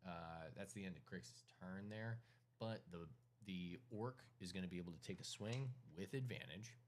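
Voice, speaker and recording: A man narrating as game master, calling dice rolls in a casual, halting way with many fillers. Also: low-pitched.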